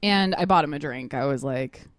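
A woman's voice: sits low, normal speed, no room sound. A woman co-hosting a casual podcast, telling a story with lots of fillers and giggles. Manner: rambling, giggly, many fillers. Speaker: podcast co-host.

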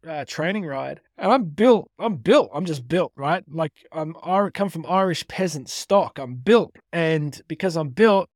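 A middle-aged man giving an energetic motivational talk, emphatic and repeating his key phrases. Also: a little high, no echo, clean studio sound. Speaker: motivational speaker. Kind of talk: direct-to-camera motivational talk.

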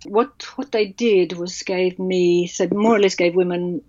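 A woman author telling a personal story in an interview, halting and emotional with many restarts. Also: medium pitch, steady tone, a little mellow, dry recording. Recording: dull, dry sound.

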